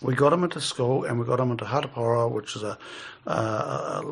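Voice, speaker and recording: Gravelly middle-aged New man. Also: medium pitch, a little fast. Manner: rambling, chuckles while telling stories. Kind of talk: casual storytelling chat.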